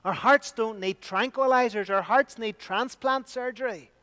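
A man delivers a sermon in a high, resonant voice. His preaching is emphatic, swelling to loud declarations and falling to quiet, hushed lines. The tone stays smooth and clear throughout. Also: measured pace.

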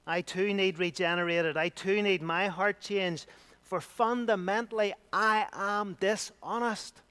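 A man preaching a sermon with emphatic delivery, rising loud and dropping to a hush. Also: high-pitched, steady tone, measured pace, clean tone.

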